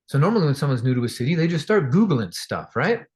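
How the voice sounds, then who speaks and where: A man's voice: on the high side, fast. A man teaching real estate investing in a casual storytelling way, talking conversationally and acting out voices of the people in his anecdotes. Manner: animated, acts out quoted voices; conversational with fillers and restarts.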